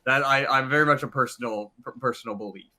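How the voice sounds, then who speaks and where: A man's voice: mid-range voice, quick pace, sharp tone. A man co-hosting a casual podcast chat, talking animatedly and swearing freely as the group's self-described skeptic. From Savannah, Georgia. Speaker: podcast co-host.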